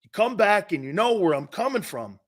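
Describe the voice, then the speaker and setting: A middle-aged man hosting a sports talk show, ranting loudly and mocking rivals. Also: high-pitched, big pitch swings, fairly quick. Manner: loud, mocking, puts on voices and laughs often. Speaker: sports radio host. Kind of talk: animated sports talk rant.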